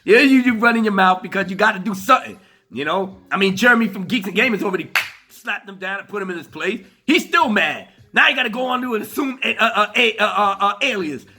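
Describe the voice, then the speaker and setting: A man's voice: high-pitched, quick pace, bright, forceful tone. A man giving a profane, casual commentary rant, mocking and laughing often, with frequent stammered restarts. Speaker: commentary vlogger.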